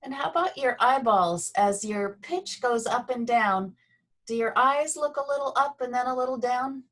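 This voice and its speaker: A woman leads a slow, gentle movement and voice lesson. She speaks over a video call, pausing between cues. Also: on the high side. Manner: gentle, slow guiding with pauses. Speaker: Feldenkrais movement instructor.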